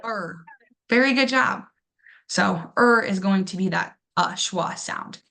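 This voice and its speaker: A young woman teaching a pronunciation lesson, patiently encouraging her students and repeating each word slowly. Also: mid-range voice, gravelly, bright, forceful tone.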